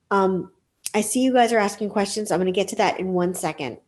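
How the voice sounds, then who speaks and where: A woman's voice: medium pitch, a little fast, darkish tone. A woman who works as a psychic, giving relationship advice in a casual, reassuring livestream talk full of fillers. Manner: chatty and reassuring, with many fillers.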